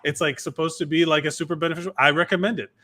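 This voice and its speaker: Bright-voiced rambling man. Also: on the high side, steady tone, racing. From Miami, USA. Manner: rambling, lots of fillers and restarts. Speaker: podcast co-host. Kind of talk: casual chat.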